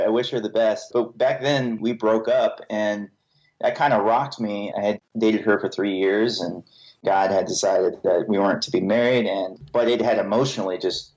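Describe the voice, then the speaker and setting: A man's voice: lowish voice, moderate pace, a little mellow, highs cut off. A male podcast guest giving a frank, earnest personal testimony with a self-deprecating edge.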